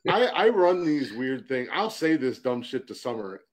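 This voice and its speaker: A man's voice: medium pitch, very animated, moderate pace. A man co-hosting a podcast in casual, profane banter, laughing often as he tells stories. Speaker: podcast co-host. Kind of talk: casual chat.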